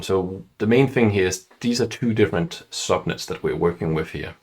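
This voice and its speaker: Instructor, male, lowish husky voice, reads the question, then thinks out loud and hesitates a lot. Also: moderate pace, hardly any pauses. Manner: reads aloud, then thinks out loud with many fillers and restarts. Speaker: IT certification instructor. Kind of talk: talking through an exam question.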